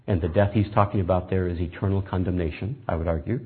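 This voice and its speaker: A man's voice: deep voice, fairly even intonation, fast, few pauses, breathy edge. A man teaching a Bible study lecture, reasoning through a passage step by step and reading scripture aloud. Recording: tinny phone-like band.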